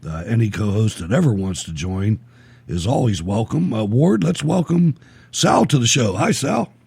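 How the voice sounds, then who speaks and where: A middle-aged man hosting a call-in talk radio show, blunt and animated, often laughing. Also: mid-range voice, normal speed, gravelly, slightly rough, no echo.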